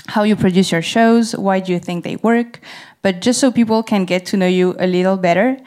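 A woman's voice: mid-range voice, fairly quick, a little mellow. A woman whose first language is French, interviewing a guest in English on a festival stage, friendly and laughing often.

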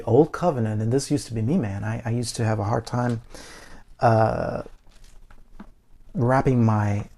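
A man delivers a relaxed, chatty sermon with a gravelly, fry-laden voice that sits warm and dark. He stumbles over repeated words and keeps saying "man" and "you know" as he talks to his listeners. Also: fairly low pitch. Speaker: preacher. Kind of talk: casual sermon.

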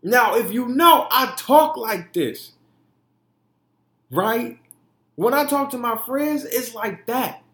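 A man's voice: very high voice, lively intonation, takes it slowly, long pauses, fairly bright tone. Candid, profane young man in echoey room. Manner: candid and emphatic, profane, mimicking his own inner talk. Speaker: podcast host. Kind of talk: candid monologue.

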